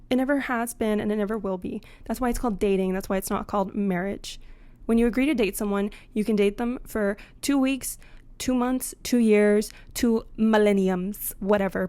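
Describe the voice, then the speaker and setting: A young woman ranting to camera about dating, blunt and sarcastic, swinging between loud outbursts and muttered asides. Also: mid-range voice, dry recording. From Latina. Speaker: comedic commentary host. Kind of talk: scripted comedic rant to camera.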